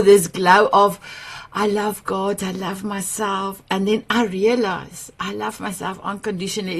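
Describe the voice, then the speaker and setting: A woman with a South African accent, an Afrikaans speaker, hosts a summit over a video call. Her mid-range voice is husky as she shares personal stories with gushing, emotional warmth and laughs often.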